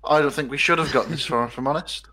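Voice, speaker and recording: A man's voice: fairly high pitch, fast talker, pushed and bright. A young man co-hosting a podcast, chatting casually with dry, mock-indignant humour. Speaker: podcast co-host. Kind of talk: casual chat.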